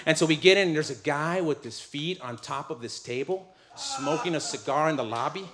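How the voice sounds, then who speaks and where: A man with a slightly high voice preaches through a comic personal story. He is animated and self-mocking, often breaking into laughter as he talks. The delivery is quick, loose storytelling rather than formal preaching. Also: background noise.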